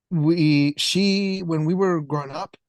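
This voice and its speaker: A man from Spain, Spanish his first language, talking in English with a Spanish accent, telling stories fast and animatedly and swearing freely in a casual podcast chat. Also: fairly high pitch, darkish tone, no room sound. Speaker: podcast guest.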